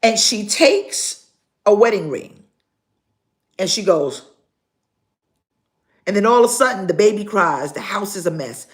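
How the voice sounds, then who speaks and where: An older woman pastor preaching a live sermon, pausing dramatically and acting out her stories. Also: medium pitch, sing-song. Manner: slow, preaching with dramatic pauses and acted-out stories.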